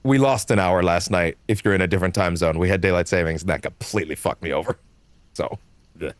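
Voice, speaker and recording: A man's voice: low-pitched, fast, dry recording. A man streaming a game live, rambling in casual commentary, full of fillers, swearing and frequent laughter.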